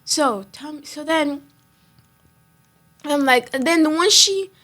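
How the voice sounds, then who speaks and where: Young woman podcast host, super animated storyteller, bright high voice. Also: slow pace. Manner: animated, dramatic storytelling, laughing through her words. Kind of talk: casual chat.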